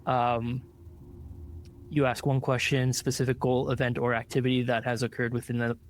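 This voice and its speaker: A man's voice: medium pitch, completely flat delivery, moderate pace. A man with an ordinary mid-range voice plays in a tabletop game. He asks careful, hesitant questions about how his spells and abilities work. A faint noise sits under the recording. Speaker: player. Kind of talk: casual game table chat.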